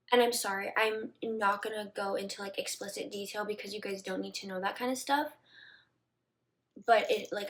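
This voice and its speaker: A young woman telling a personal story to her viewers in a casual, chatty way, full of "like" fillers and dropping into soft murmurs. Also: medium pitch. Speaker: vlogger.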